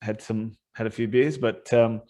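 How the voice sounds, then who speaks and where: A man's voice: fairly low pitch, fairly even intonation, moderate pace, warm tone. Chatty man telling a rambling story. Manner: rambling storyteller, laughs often. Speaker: podcast host. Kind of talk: casual chat.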